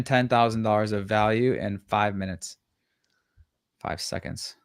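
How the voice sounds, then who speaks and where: A man's voice: on the low side, fairly even intonation, a little slow, long pauses, clear, resonant tone. A man hosting a live stream, talking casually with hyped energy, slang and a lot of swearing. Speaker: host of a live listing audit.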